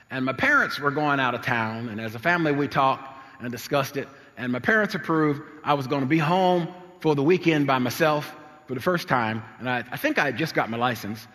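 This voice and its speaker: A man's voice: mid-range voice, fairly bright tone, in a large hall. A man in his sixties from New Jersey, a pastor preaching and telling a story from his youth with lots of repetition and laughter. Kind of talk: sermon with personal storytelling.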